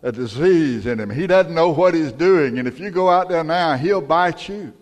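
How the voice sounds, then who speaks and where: A man voicing a stern father who speaks gravely to his son. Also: on the high side, animated, normal speed, in a large hall, voice pushed up, natural voice. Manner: grave and firm. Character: stern, weary farm father.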